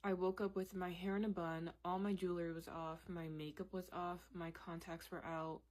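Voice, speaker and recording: Woman telling a story time, slightly low. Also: flat delivery, normal speed, darkish tone. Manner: candid, conversational, laughs while telling.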